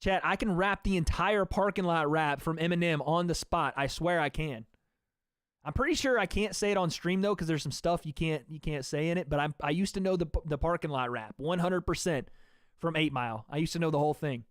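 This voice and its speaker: A young man calls a fight live for his stream chat in a slangy, unfiltered way. His voice sits a little high and comes through smooth and resonant, recorded dry and close. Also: brisk, no room sound. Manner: loose and slangy, swears, talks back to chat. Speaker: streamer hosting a fight watch party.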